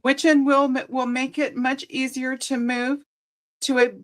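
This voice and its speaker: Woman, psychic card reader, tearful, tender, high pitch, slow pace. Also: little pitch movement, low-quality recording. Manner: emotional, tender, reading aloud slowly. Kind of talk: live-streamed card reading.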